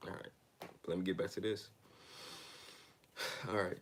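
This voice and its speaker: A deep-voiced man reads a self-help text aloud. He stumbles and restarts on words, then breaks off into loose, slangy chat before going back to the page. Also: steady tone, slow pace, slight background noise. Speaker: reader of a self-help book on a channel. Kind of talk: reading aloud with casual asides.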